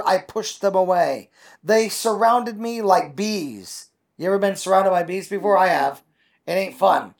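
Emphatic preacher man reading scripture. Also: high-pitched. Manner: emphatic, stretches key words, many fillers. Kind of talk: sermon reading and commenting on scripture.

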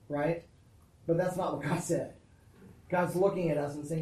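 Preacher, mid-range voice, conversational sermon style, swings from hushed to forceful; roomy, distant recording. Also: mid-range voice, moderate pace. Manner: conversational preaching with frequent "right?" and "Amen?" calls to the congregation; swings from hushed, intimate passages to loud, emphatic ones. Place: church or large hall. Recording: roomy echo, picked up from a distance.

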